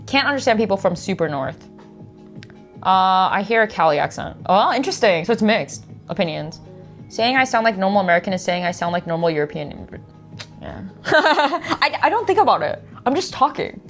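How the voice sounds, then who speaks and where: A woman chatting casually, giggling often and filling her talk with "like". Her voice sits at an ordinary pitch, and faint music plays underneath. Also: sing-song, brisk. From Japan. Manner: giggly, lots of "like" fillers. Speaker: streamer guest. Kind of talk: casual chat.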